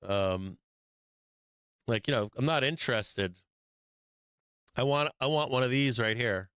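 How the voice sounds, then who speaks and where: Blunt, bright-voiced male trading host. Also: medium pitch, unhurried, clean tone, no echo. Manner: blunt, profane, rambling, with many fillers. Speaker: stock market show host. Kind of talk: casual trading commentary.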